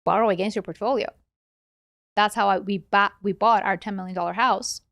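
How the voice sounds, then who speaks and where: In a relaxed interview, a female guest with a non-native English accent talks about investing, tossing in lively, rapid asides. Her voice is medium in pitch, and the studio recording is clean with no room sound.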